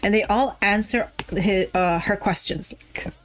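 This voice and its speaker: Chatting casually on stream while a little tipsy, a woman VTuber drifts off topic, laughing and swearing along the way. Her voice sits at a medium pitch and moves at an unhurried pace.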